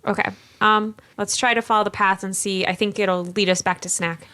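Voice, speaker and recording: A woman playing a tabletop role-playing game. She speaks hesitantly, with a medium-pitched voice and frequent fillers. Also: flat delivery, brisk, bright, forceful tone. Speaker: player.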